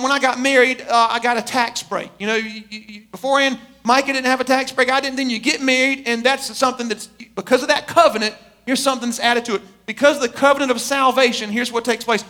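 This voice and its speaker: A middle-aged male pastor preaching with a strikingly high, bright, ringing voice. He swings from loud, pleading passages down to hushed, intense moments. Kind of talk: sermon.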